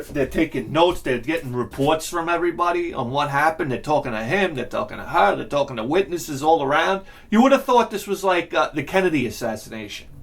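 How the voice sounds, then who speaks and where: New guy telling a wild beach story, swears a lot, slightly high voice that swings all over. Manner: animated, profane, laughs at his own story. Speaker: host. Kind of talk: casual storytelling rant.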